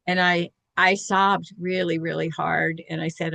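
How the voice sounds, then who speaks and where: An older woman with a lowish, gravelly voice tells a personal story in a candid, self-deprecating way. The sound is close and dry. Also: level tone, moderate pace, hardly any pauses, a bit bright, dry recording. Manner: candid, self-deprecating, laughs while telling.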